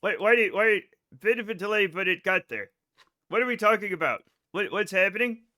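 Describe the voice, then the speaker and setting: Casting: male streamer, high and bright, scattered self-mocking chatter into a desk mic. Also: lively intonation, brisk. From United States. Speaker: game streamer. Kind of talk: casual livestream chat.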